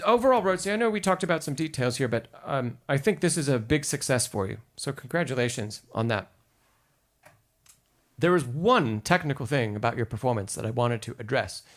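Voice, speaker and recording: A man's voice: mid-range voice, expressive, a little fast, fairly bright tone. A man teaching piano on a live stream, giving encouraging feedback and singing short phrases to show how they should sound. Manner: encouraging, sings phrases to demonstrate. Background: piano music.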